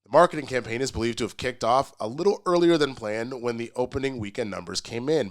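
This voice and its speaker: A man hosts a casual pop culture commentary show with energy. His voice sounds stuffy and congested from a cold. He often restarts his sentences with uh. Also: medium pitch. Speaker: host.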